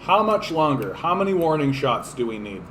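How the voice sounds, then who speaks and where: A man's voice: on the high side, big pitch swings, normal speed, a bit bright, slight background noise, low-quality recording. A man hosting a livestream, delivering an impassioned, profane political rant that repeats itself for emphasis. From Canada. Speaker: livestream host. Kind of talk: ranting political livestream monologue.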